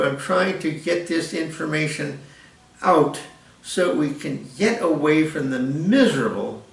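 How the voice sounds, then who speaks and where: A man's voice: fairly high pitch, gravelly. An older man giving a rambling, informal music lesson and correcting himself as he explains. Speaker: music teacher. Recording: echoey room, mic at a distance.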